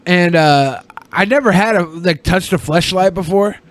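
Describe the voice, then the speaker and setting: A man's voice: high voice, moderate pace. A man co-hosting a podcast, joking around and telling crude stories in casual banter. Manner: jokey, tells stories. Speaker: podcast co-host.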